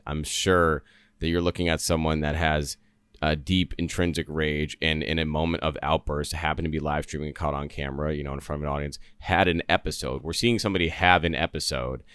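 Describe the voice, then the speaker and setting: A man's voice: extremely low pitch, fairly bright tone, clean tone, dry recording, clean studio sound. A man hosting a solo podcast, talking through news in an earnest, rambling way with many fillers and restarts. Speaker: podcast host. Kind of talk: solo commentary.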